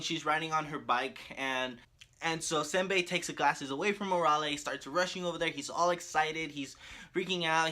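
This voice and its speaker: A man casually recapping a cartoon story as a video creator, animated and laughing often. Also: on the high side.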